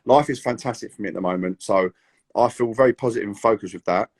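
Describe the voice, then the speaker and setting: A British man in his thirties chatting as an actor guest in an interview, animated and full of acted-out quotes. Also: fairly low pitch, fast, breathy edge. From Britain. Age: 30s. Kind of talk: casual interview chat.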